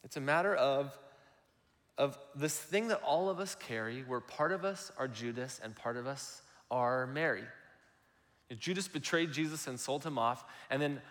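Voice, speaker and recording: A man's voice: mid-range voice, normal speed, a bit bright, long reverb tail. A male pastor giving a conversational, explanatory sermon.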